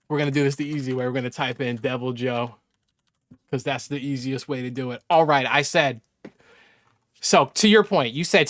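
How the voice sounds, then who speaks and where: A man doing casual reaction commentary, exasperated and incredulous, swearing and swinging from muttering to loud outbursts. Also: a little high. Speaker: gaming YouTuber reacting to a response video.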